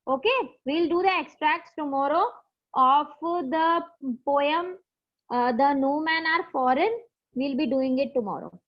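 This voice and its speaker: A woman's voice: high-pitched, unhurried. A woman school teacher with an Indian English accent, teaching an online class and patiently repeating her questions. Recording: dull lo-fi online class audio.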